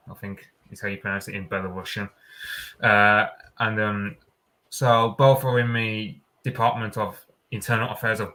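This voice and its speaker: A man with a Black Country accent talks in a low, sharp and tense voice. He rambles through the news with restarts, fillers and casual swearing. He speaks into a home mic on an online call. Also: rough recording. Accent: Black Country English. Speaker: panelist on a live talk stream. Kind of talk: casual chat.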